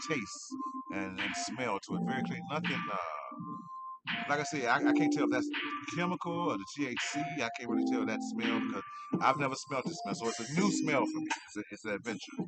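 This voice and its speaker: A middle-aged man, high, rambling casually and repeating himself as he reviews cannabis on his vlog. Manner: meandering, repeats himself, laid-back.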